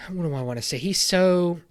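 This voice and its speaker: A young man hosting a casual podcast, commenting on paranormal community drama with animated indignation that drops into muttering. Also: high-pitched, moderate pace, no echo, studio quality. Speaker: podcast host.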